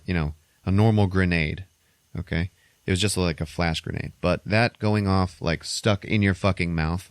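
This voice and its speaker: Male podcast host, lower voice, loose and profane, dry close sound, chuckles through a movie recap. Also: dry recording. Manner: profane, laughs through retelling, acts out characters' lines.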